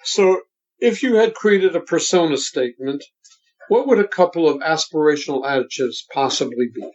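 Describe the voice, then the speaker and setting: A man in his seventies, a voice coach, talking in a deliberate and emphatic instructive way during an interview. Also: on the high side, expressive, darkish tone. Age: 70s. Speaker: voice coach guest. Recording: dull lo-fi sound.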